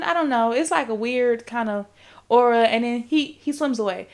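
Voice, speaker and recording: A woman's voice: fairly high pitch, normal speed. Woman podcast host, loose profane recap storyteller, rambling, talks right to her listeners. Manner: rambling and profane, with repeated fillers; talks straight to the audience. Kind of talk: casual movie recap storytelling.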